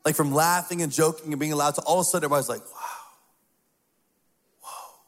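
A man preaching a sermon as pastor, talking in a conversational, storytelling way with hushed asides. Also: a little high, racing. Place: church sanctuary. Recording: long reverb of a large hall.

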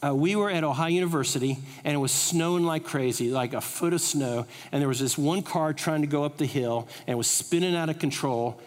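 Preacher telling stories in a hall. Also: male voice, fairly high pitch, brisk, hardly any pauses. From United States. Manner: animated, humorous storytelling. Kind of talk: storytelling sermon. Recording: reverberant hall.

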